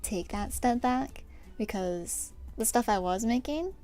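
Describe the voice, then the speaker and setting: A young woman livestreaming from her desk at home, chatting casually with her viewers, giggling often and sometimes dropping to a soft whisper. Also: a little high, lively intonation, a little slow. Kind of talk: casual chat answering a live chat. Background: faint stream music.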